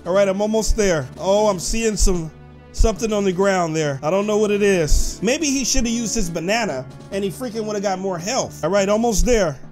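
High-voiced excitable gaming host. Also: male voice, normal speed, soft background music. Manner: excitable, shouts when the action peaks. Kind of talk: excited gameplay commentary.

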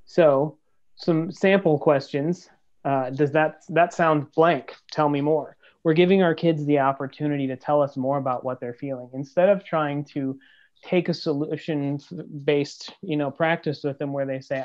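A man with a somewhat high voice talks parents through practical advice in a direct, encouraging way. The webinar audio is dull and lo-fi. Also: moderate pace, a little mellow. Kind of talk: practical talk.

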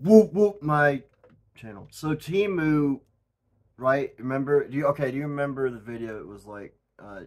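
A man hosting his own channel in a goofy, erratic comedic monologue, swinging from loud outbursts to mumbled asides. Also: medium pitch. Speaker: channel host.

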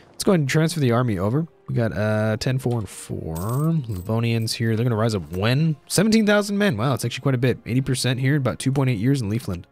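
A man's voice: medium pitch, darkish tone. Chatty young man narrating his strategy game. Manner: chatty, thinks aloud, repeats himself, says "dude". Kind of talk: casual let's-play commentary.

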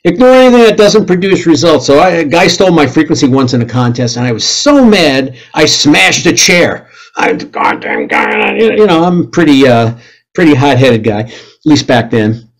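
A middle-aged man giving a lively talk to a club audience, blunt and joking, with sudden loud outbursts when he acts out radio calls. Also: fairly high pitch, normal speed, poor audio. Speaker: club presenter.

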